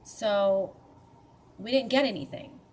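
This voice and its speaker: A woman's voice: medium pitch, slow pace, darkish tone. A woman casually recounting a spooky personal experience, chatty and profane, with a matter-of-fact, mildly skeptical tone. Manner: chatty and profane, with many fillers and asides. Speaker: storyteller recounting a paranormal experience. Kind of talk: casual spoken storytelling.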